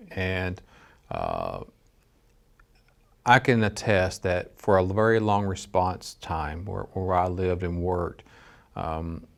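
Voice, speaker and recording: A middle-aged man giving a training lecture as a dispatch instructor, earnest and conversational with frequent restarts. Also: sits low. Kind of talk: training lecture with personal story.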